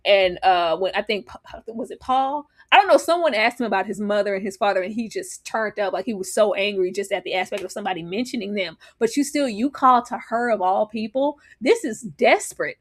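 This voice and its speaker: A woman co-hosting a casual chat about a TV episode, animated and laughing often. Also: mid-range voice, fairly quick, few pauses. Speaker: podcast co-host.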